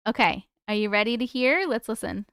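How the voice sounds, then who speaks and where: A woman's voice: a little high, fairly quick, creaky, smooth, dry recording. Chatty, swearing woman streamer. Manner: chatty, swears freely, excitable. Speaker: host of a live stream. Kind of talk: casual live-stream chat.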